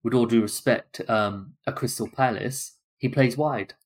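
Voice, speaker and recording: A man co-hosting a casual football podcast, talking through matches in quick, chatty runs of possibilities. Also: mid-range voice. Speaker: podcast co-host.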